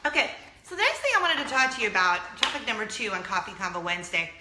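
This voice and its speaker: A woman hosting a casual vlog, telling a story in an animated, chatty way. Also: mid-range voice, quick pace, noisy background. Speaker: host. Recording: echoey room.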